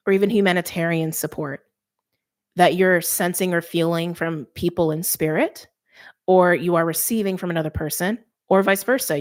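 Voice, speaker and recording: A woman doing an intuitive tarot card reading, speaking softly and earnestly and letting her emotions show. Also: lowish voice. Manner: soft, earnest, openly emotional. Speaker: tarot reader.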